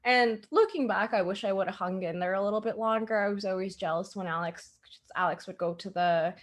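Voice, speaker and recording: A woman's voice: mid-range voice, a little fast. A young woman from Canada chatting casually on a livestream, telling stories animatedly and acting out the voices of people she quotes. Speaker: guest, streamer's best friend.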